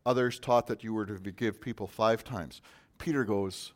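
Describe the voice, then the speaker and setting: A man preaching a sermon in a conversational way, with sudden loud emphasis on key words. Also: lowish voice, moderate pace. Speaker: pastor.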